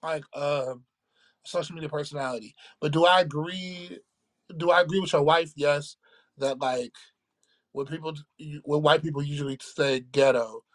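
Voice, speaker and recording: A man co-hosting a casual podcast, talking in a measured, reflective way and often checking in with "right?". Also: a little high, steady tone. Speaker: podcast co-host. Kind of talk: casual chat.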